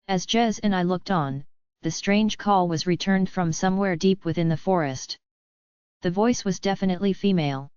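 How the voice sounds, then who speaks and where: A woman giving scripted first-person audiobook narration in an even, steady reading. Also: lowish voice, clear, resonant tone, dry recording. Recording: dull lo-fi dry audiobook recording.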